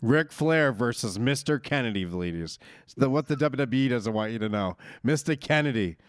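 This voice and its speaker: A man's voice: medium pitch, animated, normal speed, clear, resonant tone, no echo, studio quality. A man in his thirties co-hosting a casual wrestling chat, rambling and jokey with mock-announcer asides. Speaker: podcast co-host.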